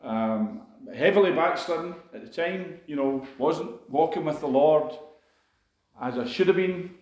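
A man's voice: fairly high pitch, unhurried, darkish tone. A man preaching a sermon, telling a personal story in an earnest, conversational way full of asides. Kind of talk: sermon testimony. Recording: echoey room.

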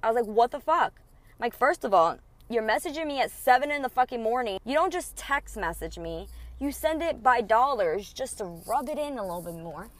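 A woman's voice: fairly high pitch, brisk, no echo. Heated young woman ranting a story. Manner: heated, profane, animated retelling with quoted dialogue. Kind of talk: casual storytime rant.

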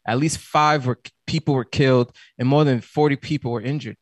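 A man co-hosting a podcast, reading headlines aloud and then talking them over in an unhurried way. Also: mid-range voice, steady tone, no room sound. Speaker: podcast co-host reading the news. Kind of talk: casual podcast news segment.

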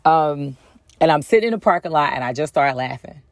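A woman's voice: sits low, animated, brisk, no room sound, clean studio sound. A woman telling a personal story in a casual way, with lots of ums and acted-out bits of dialogue. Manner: chatty, frequent ums, acts out other people's lines.

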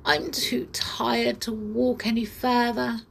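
A woman's voice: medium pitch, sing-song, slow, voice pushed up, full character voice. A woman voicing a big, naughty, mischievous girl doll in a storybook reading, talking in a teasing, giggly way. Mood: pleading.

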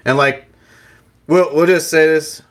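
A man's voice: a little high, steady tone, unhurried. A young man co-hosting a casual sports podcast, cursing often and joking in loose banter. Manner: profane, laughing banter. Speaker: podcast co-host.

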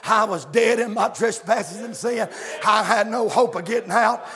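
A male preacher, shouting and chanting a fiery revival sermon in a church, with calls to the congregation. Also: sits high, normal speed, faint music behind. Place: church sanctuary. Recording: echoey sanctuary with long reverb.

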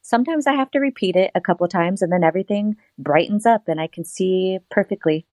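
A woman telling a personal story in a casual interview, animated and laughing often. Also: fast, no echo. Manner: animated, laughs often, quotes herself in a higher voice. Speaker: interview guest.

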